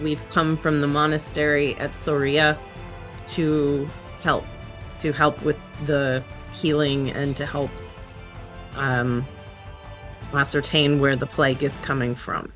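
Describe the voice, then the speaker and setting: Player, bright voice, casual, faint music. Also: medium pitch, steady tone, slow pace. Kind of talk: casual tabletop play.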